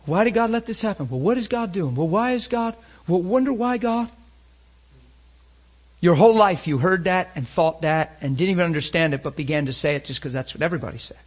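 A man preaching a sermon with intensity, moving between loud emphatic lines and hushed near-whispers and putting rhetorical questions to his listeners. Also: sits high, expressive, brisk.

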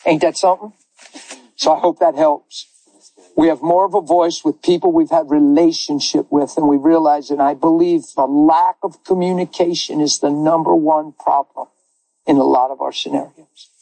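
Man, pastor, sermon storytelling, husky, dry close sound. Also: fairly high pitch, moderate pace, no echo, rough recording. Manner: animated, laughs often, acts out quoted voices.

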